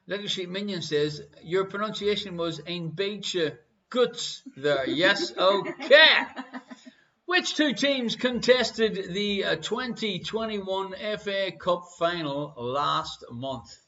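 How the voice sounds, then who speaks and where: Irish man, quiz host, playful, repeats questions, high pitched, muffled stream sound. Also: animated, takes it slowly, bright, forceful tone. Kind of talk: live online quiz hosting.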